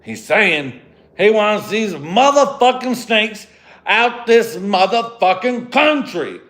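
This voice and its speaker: A man impersonating a brash older action-movie tough guy, loud and profane, recorded in a home garage. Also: sits high, very animated, slow, voice pushed up, full character voice. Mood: swaggering. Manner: profane, shouting, swaggering.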